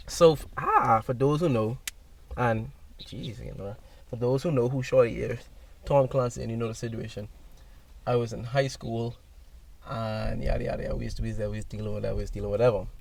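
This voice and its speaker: A young man telling a rambling, animated story in casual podcast chat, acting out other people's voices as he goes. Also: medium pitch, brisk, creaky. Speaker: podcast guest. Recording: distant mic with faint noise.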